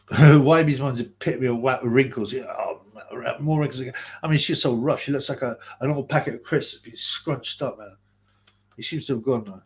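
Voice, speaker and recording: A man's voice: mid-range voice, moderate pace. A man hosting a live boxing chat stream, ranting in a mocking, abrasive, rambling way. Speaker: boxing livestream host.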